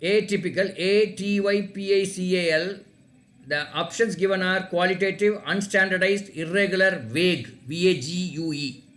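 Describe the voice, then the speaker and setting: High-voiced teacher running a quiz. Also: male voice, fairly bright tone. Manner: spells words letter by letter, repeats questions slowly. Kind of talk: online class quiz, reading questions aloud.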